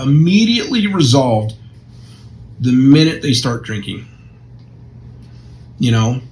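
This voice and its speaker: A man's voice: medium pitch, a bit bright, poor audio. A man co-hosting a recovery podcast, reading passages aloud and reflecting on them in casual discussion. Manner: reflective, reads passages then comments. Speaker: recovery counselor and podcast co-host.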